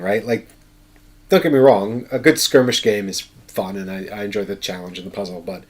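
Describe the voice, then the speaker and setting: A man hosting a casual solo board game playthrough, chatty and thinking aloud as he counts out moves. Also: lowish voice. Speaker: board game player and show host.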